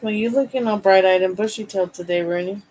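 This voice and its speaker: Woman host, home livestream, chatty, slips into soft baby talk for her pets, faint hum behind. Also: medium pitch, fast talker, poor audio. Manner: cooing baby talk to her dogs between chat replies. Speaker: livestream tarot reader. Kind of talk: casual livestream chat. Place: home, by the couch.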